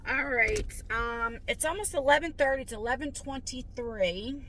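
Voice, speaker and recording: Woman vlogging in her car, nervous, stammery, lots of road noise. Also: sits high. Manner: worried, halting, with restarts and stutters. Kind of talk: casual vlog chat. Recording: noisy car interior.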